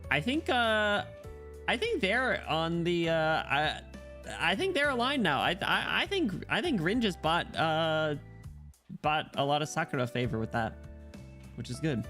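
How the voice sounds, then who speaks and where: A man streaming a visual novel on a headset mic, reacting loudly and excitably. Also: fairly high pitch, measured pace, faint music behind. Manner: excitable, loud reactive outbursts, swearing. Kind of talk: casual game stream commentary.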